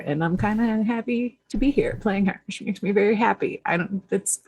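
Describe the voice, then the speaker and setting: A woman's voice: mid-range voice, moderate pace, few pauses, darkish tone, slightly rough. A woman tabletop player introducing herself and her character, hesitant and full of fillers. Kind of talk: casual introduction chat.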